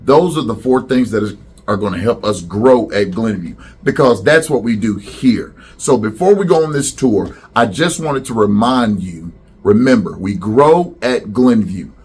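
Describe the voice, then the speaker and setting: A man's voice: lowish voice, animated, a little slow, a little mellow, breathy edge. A middle-aged man, a school principal, addressing students in a welcome video and leading them in call-and-response chants.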